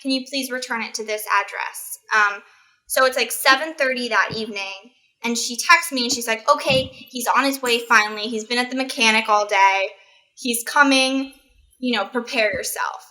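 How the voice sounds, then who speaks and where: Bright, animated young woman telling a story. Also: on the high side, normal speed. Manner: animated, acts out quoted exchanges. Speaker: guest. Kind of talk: casual storytelling.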